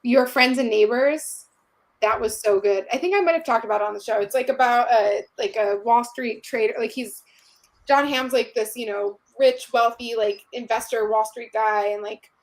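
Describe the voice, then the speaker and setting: A woman co-hosting a relaxed podcast, talking fast and dropping "like" all through her sentences. Her voice sits a touch higher than most. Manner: chatty, quick, filler-heavy. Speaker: podcast co-host. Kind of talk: casual chat.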